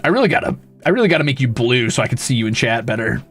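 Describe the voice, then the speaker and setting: Mischievous young guy on stream, bright tense voice, cusses a lot. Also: mid-range voice, big pitch swings, rapid-fire, slightly rough, faint music behind. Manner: rowdy, swears a lot, laughs often, mischievous. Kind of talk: casual chat stream.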